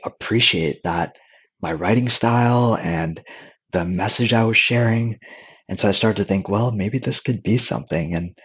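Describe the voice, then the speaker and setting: Brief: low, husky male guest, candid and loose, slightly dull lo-fi recording. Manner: relaxed, candid, many fillers and restarts. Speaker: podcast guest. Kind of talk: casual conversational storytelling.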